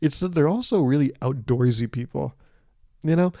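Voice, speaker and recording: A man's voice: mid-range voice, normal speed, mellow, no echo, clean studio sound. A man hosting a comedy podcast, delivering a rambling, sarcastic, profane monologue. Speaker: podcast host.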